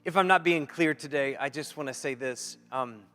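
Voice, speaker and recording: A male pastor in his thirties telling a joking story during a sermon. His voice sits a little high and he talks in an animated, playful way. The sound carries a long reverb, like a big church hall. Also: normal speed, soft background music.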